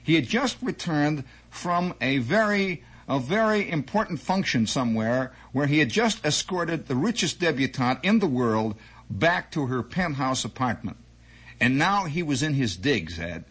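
A man hosting a radio show, telling a digressive story with animated asides and many restarts. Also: a little high, measured pace, breathy edge. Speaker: radio host. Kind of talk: rambling on-air storytelling.

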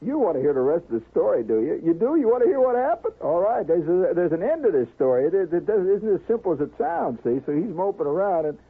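A man's voice: sits high, very animated, quick pace, hardly any pauses, slightly rough. A man telling a long comic story in a rambling way, peppered with "you know" and "see?", as a radio storyteller. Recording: tinny old radio broadcast.

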